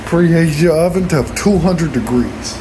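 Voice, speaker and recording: A man's voice: a little high, animated, a little slow, background noise. A man doing a folksy cooking-show host.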